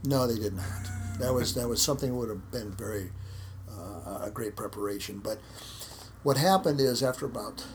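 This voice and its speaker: Gravelly American man, interview guest, loose anecdotal delivery, faint noise floor. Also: fairly low pitch, moderate pace. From United States. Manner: rambling, repeats words, acts out quotes. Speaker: interview guest, martial arts instructor. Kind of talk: casual storytelling interview.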